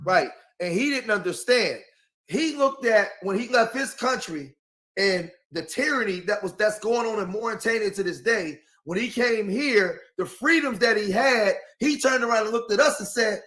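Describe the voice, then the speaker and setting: A man's voice: sits high, expressive, normal speed, sharp tone. A man with an African American English accent in a casual discussion, speaking passionately and insistently. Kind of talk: casual talk-show discussion.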